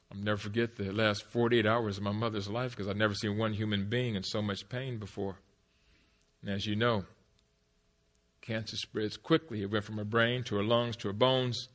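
A middle-aged man giving a speech to an audience, telling a personal story emphatically. His voice drops to a hush, then rises loud. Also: lowish voice. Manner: emphatic, swings between hushed and loud. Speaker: motivational speaker.

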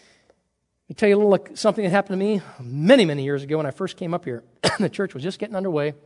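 High-voiced preacher in a reverberant hall. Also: male voice, fast. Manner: animated storytelling, acting out dialogue, swings from loud to quiet. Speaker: pastor. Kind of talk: sermon.

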